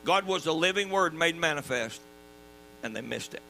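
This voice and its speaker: Southern preacher, bright high voice. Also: male voice, lively intonation, moderate pace, creaky, poor audio. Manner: folksy, emphatic preaching with sudden drops to quiet. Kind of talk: sermon. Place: church. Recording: mains hum underneath.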